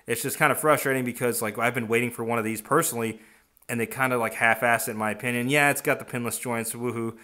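Bright-voiced man reviewing toys bluntly. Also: medium pitch, steady tone, fast talker. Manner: blunt, opinionated, slangy; demonstrates and points at objects as he talks. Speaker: toy reviewer. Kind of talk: casual review chat.

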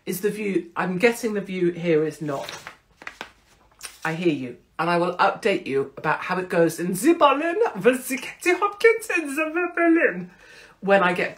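A middle-aged British woman hosting her own show, talking in a brash, self-mocking monologue full of swearing. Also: fairly low pitch. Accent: British English. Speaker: host. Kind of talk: casual monologue.

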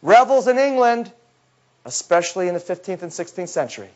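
High-voiced man lecturing, animated storyteller. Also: fairly quick. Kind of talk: lecture talk. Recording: dull lo-fi recording.

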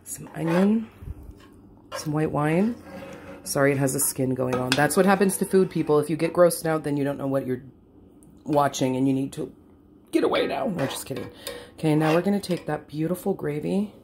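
Home cook vlogger, female, low gravelly voice, foul-mouthed and rambling, slightly wheezy. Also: moderate pace, noisy background. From California. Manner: swears constantly, rambling and self-mocking. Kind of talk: casual cooking vlog. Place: home kitchen.

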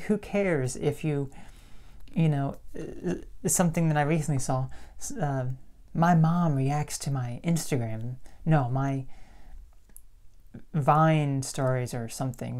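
A young woman talking calmly and reflectively to camera in a casual vlog. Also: sits low, unhurried. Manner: calm, even-toned and reflective. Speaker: YouTuber.

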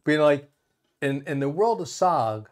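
A man's voice: fairly high pitch, animated, moderate pace, a little hiss or hum. A man as a guest in a casual chat, speaking modestly and measuredly.

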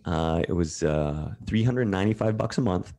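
A man's voice: deep voice, moderate pace, dark tone, slight background noise. A man guest on a talk podcast, telling candid, profane stories and acting out what others said to him. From Canada. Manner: candid, profane, retells quotes in others' voices. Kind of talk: casual storytelling.

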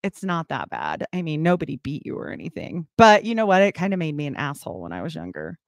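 A woman's voice: low voice, very animated, quick pace, dry recording, clean studio sound. A woman in her forties chatting casually as a podcast guest, telling self-mocking stories and laughing often. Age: 40s. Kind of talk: casual chat. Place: home, Utah.

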